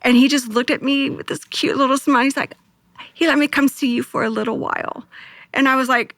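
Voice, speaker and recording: A woman, a co-pastor, telling a deeply emotional personal story in an earnest, heartfelt way, often quoting her own prayers. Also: fairly even intonation, a little fast, fairly bright tone, no echo, clean studio sound. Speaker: co-pastor and guest.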